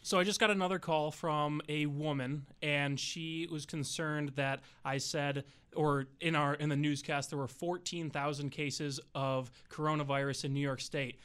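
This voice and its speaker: Newsroom guy correcting a report, slightly high voice, pretty flat, smooth. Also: normal speed, few pauses. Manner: matter-of-fact, level. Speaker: newsroom staffer. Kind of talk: on-air news clarification.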